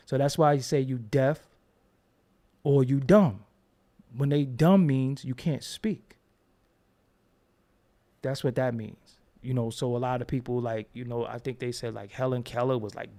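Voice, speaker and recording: A man with a gravelly, mellow voice hosts his own channel in a loose monologue. He swears freely and slips into quoted voices as he tells his stories. His pitch sits in an ordinary middle range. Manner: profane, rambling storytelling. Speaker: host. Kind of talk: casual monologue.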